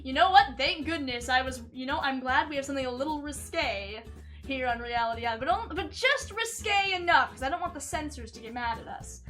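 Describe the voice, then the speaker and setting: A woman hosting an improvised comedic role-play as a reality show host, animated and mock-exasperated. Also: high-pitched, brisk, soft background music. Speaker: game master playing a reality show host.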